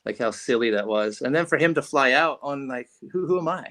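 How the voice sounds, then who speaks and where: A man's voice: medium pitch, lively intonation, fairly quick, fairly bright tone. A man being interviewed on a podcast, telling a rambling story with lots of restarts and fillers. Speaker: podcast guest, fishing rod company founder.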